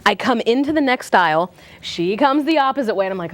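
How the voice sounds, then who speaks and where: Quick, bright-pitched woman co-host, animated storyteller. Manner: animated, acts out the people she quotes. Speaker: co-host, teacher. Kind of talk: storytelling in studio chat.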